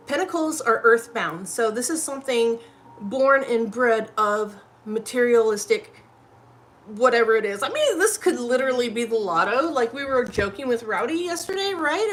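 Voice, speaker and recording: A woman's voice: high voice, a bit bright, slight background noise. A woman hosting a live tarot reading, chatty and effusive, often tagging her lines with "literally" and "right?".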